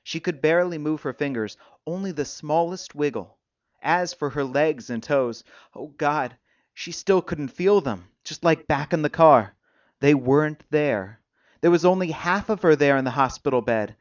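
Male audiobook narrator, expressive, slightly high voice; dull, dry recording. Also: moderate pace, no room sound.

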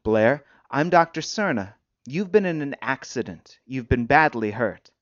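A man voicing a firm, calm woman doctor. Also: mid-range voice, no echo, lightly acted. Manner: firm, measured. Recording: dry, dull lo-fi recording.

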